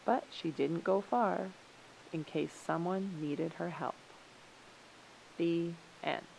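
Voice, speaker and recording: Gravelly, expressive woman storyteller. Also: on the low side, slow, slight background noise, poor audio. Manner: expressive, gently paced storytelling. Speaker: narrator. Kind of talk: children's story read aloud on radio.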